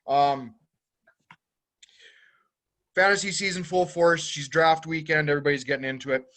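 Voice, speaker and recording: A man's voice: a little high, fairly even intonation, normal speed, a bit bright. A man co-hosting a sports podcast, running through the week's sports in a casual, filler-heavy way. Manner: loose, filler-heavy rundown of sports news. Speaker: podcast co-host.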